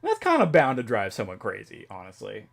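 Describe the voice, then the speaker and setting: A man's voice: on the low side, huge pitch swings, a little fast, gravelly, a bit bright. Laid-back rambling young man. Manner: rambling, laughing, many fillers and restarts. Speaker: streamer chatting with viewers. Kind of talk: casual chat.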